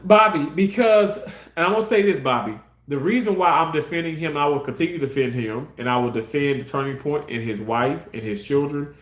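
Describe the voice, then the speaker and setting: A man's voice: a little high, a little fast, echoey room. A man ranting on his live stream in a passionate, heated way, cursing and repeating himself. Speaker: live-stream content creator. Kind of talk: casual live-stream rant.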